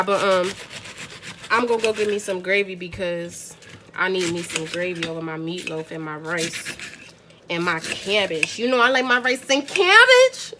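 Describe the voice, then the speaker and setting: A young woman from the Bronx talks casually through her family dinner in a home kitchen, speaking right to her viewers and laughing often. Her voice sits at a middle pitch. A clear layer of background noise runs under her voice. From the Bronx, New York. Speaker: family vlogger cooking dinner. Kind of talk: casual cooking vlog chat.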